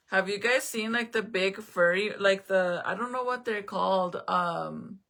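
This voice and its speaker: A young woman talks loosely to her viewers from home, answering comments as she goes. Her voice has a gravelly fry under a bright, forward tone, and she swears offhandedly. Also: medium pitch. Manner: chatty and rambling, swears casually, reads out viewer comments. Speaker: live streamer. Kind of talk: casual live-stream chat. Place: at home, indoors.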